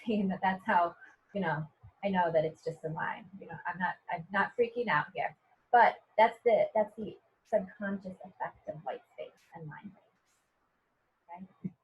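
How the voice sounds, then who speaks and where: A woman's voice: mid-range voice, unhurried, breathy edge. A middle-aged American woman, a poet and professor, teaching a poetry workshop over a video call in a conversational way, often checking in with "right?". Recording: dull lo-fi video call audio.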